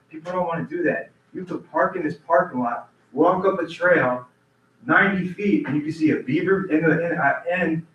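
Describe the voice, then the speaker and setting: A man's voice: on the high side, slight background noise. A man giving public comment at a council meeting, talking in an urgent, earnest way and often restarting his sentences. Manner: repeats himself and restarts sentences. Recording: roomy, distant, dull meeting-room audio.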